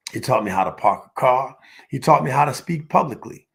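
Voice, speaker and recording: A man delivers a motivational business speech with a gravelly, creaky edge to his mid-pitched voice. He builds points through repeated phrases and emphatic call-and-response with his audience. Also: expressive, fairly quick, fairly bright tone. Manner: storytelling, repetitive listing cadence.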